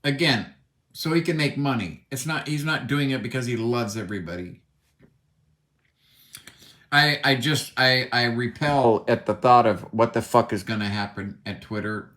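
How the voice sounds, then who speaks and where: A man's voice: mid-range voice, normal speed, a bit bright. Angry, cursing man in an echoey room. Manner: angry, profane, emphatic. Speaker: commentator. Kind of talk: ranting solo commentary.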